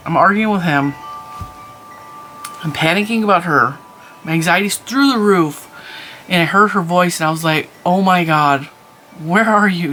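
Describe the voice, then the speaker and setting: Woman, middle-aged, crafting vlog host, candid rambling chat, bright tone, at home. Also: low-pitched, slight background noise.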